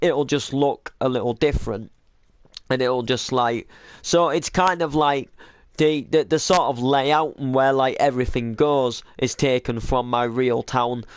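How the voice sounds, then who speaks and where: A man livestreaming in a casual, rambling way, his voice a little croaky from a sore throat. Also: medium pitch, no echo. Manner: rambling, lots of fillers and repeats. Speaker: streamer and YouTuber.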